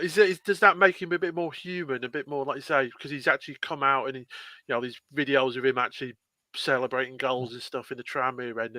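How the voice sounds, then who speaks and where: Brief: bright, earnest man arguing his point on a fan podcast, dry sound. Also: mid-range voice, no room sound. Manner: earnest, argues a point at length. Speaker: podcast co-host. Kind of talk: casual chat.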